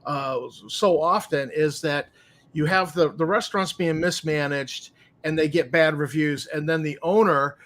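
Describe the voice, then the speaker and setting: A man with a somewhat raised pitch co-hosts a casual chat show. He speaks in a measured way, pausing often on hesitations as he thinks aloud. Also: steady tone, a bit bright. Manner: measured, with frequent "uh" pauses. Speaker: podcast co-host.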